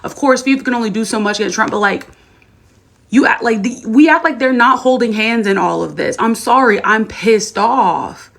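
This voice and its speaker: A woman from the United States giving an angry, indignant opinion rant, swinging between heated outbursts and hushed asides. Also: on the high side, lively intonation, a little fast, vocal fry. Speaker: commentator.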